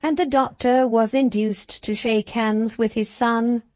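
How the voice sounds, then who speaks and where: Slow, measured woman narrator. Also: on the high side, steady tone, mellow, no echo. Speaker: audiobook narrator. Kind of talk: scripted narration.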